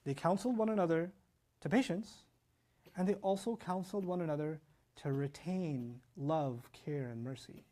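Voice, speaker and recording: A man giving an animated Quran lecture as an Islamic teacher, reciting Arabic verses between explanations. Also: a little high. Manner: animated, fast-talking, mixes in Arabic recitation.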